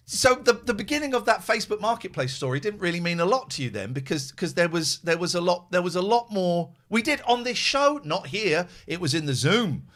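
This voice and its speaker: Animated male podcast host, lively voice. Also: sits high. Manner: animated, acts out quoted dialogue in other voices; rambling with restarts and self-corrections. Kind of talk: casual storytelling chat.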